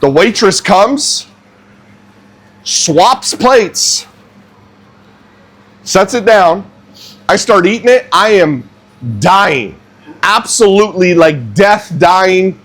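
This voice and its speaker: A young man who cooks at a barbecue restaurant, telling a funny story in a casual, animated, self-mocking way as he works in the kitchen. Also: high voice, extremely slow, long pauses. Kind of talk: casual storytelling while cooking.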